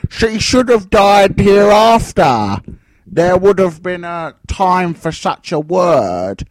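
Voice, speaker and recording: A man acting out a grieving Scottish king, reading a tragic speech slowly and loudly in a husky voice. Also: fairly high pitch, dry recording, voice pushed up, heavily acted. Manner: slow, loud, theatrical declaiming. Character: grieving Scottish king, male, middle-aged.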